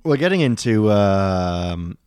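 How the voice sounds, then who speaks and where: A man's voice: fairly low pitch, sing-song, slow, darkish tone, smooth, no echo. Rambling man, dry close sound. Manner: rambling, hesitant, swears casually. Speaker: podcast co-host. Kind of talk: casual chat over beers.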